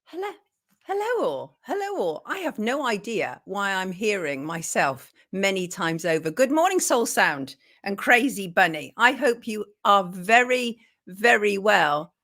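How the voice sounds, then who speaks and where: A woman's voice: medium pitch, big pitch swings, measured pace, hardly any pauses, fairly bright tone. A woman hosting a live morning show, chatting and greeting viewers by name. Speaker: host.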